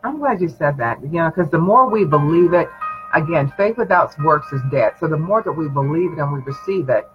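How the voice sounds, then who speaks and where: A pastor with a somewhat high voice preaches encouragement, adding emphatic affirmations as he goes. The recording sounds dull and lo-fi, with faint music underneath. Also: expressive, fairly quick. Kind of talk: preaching in a prayer session.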